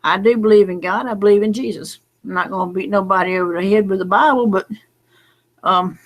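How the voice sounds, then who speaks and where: A woman's voice: medium pitch, fairly quick. A middle-aged woman, talking in a late-night casual vlog, rambling and folksy, drowsy and close to tears. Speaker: lottery number vlogger.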